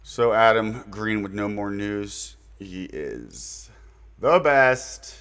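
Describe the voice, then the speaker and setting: A man hosting his own channel introduces his website in a casual, unscripted monologue, rambling through recommendations with fillers and mild slang. His lowish voice is expressive and a bit bright with a clean tone, and he speaks very slowly.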